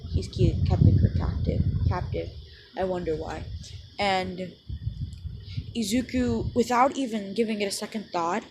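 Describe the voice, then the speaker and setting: Woman rambling through a fan story, um and like everywhere, average pitch, loud background noise. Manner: rambling, filler-heavy retelling with quick acted quotes. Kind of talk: casual spoken fan story.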